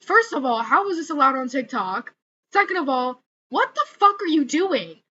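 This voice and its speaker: A woman's voice: sits high, expressive, normal speed, sharp tone. A young woman ranting casually in a vlog, swearing often and filling her talk with "like". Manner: profane, exasperated, many fillers like "like". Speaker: vlogger. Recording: slightly dull lo-fi audio with faint noise.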